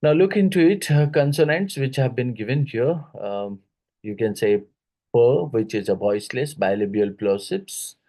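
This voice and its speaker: A man with an Indian English accent teaching a phonetics lecture for exam prep. He talks haltingly, with many fillers, and repeats words slowly to model how they sound. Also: medium pitch, mellow, poor audio.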